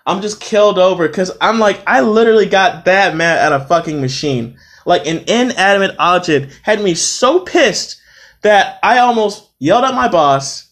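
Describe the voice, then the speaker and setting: A man hosting his own podcast, telling a workplace story in a profane, animated way and tired after a long day. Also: sits high, fairly quick. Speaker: podcast host. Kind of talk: casual storytelling monologue.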